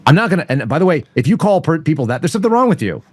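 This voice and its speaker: A man's voice: fairly high pitch, sing-song, very fast, darkish tone, slightly rough, no room sound. A middle-aged man talking bluntly and profanely as a guest in a casual chat, riffing at length.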